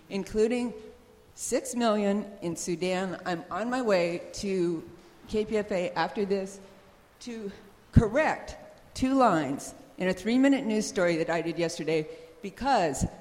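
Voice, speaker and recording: A woman's voice: mid-range voice, darkish tone. A woman making an earnest, pointed public comment at a meeting, with flashes of frustration. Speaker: public commenter, radio news reporter. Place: meeting hall. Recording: long reverb of a meeting hall.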